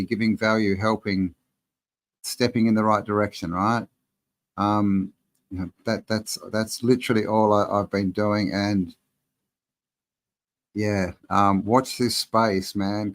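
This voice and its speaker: A man hosting a live-stream Q&A, talking in a relaxed, rambling way and reading out viewers' chat messages. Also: fairly low pitch. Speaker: channel host answering live chat.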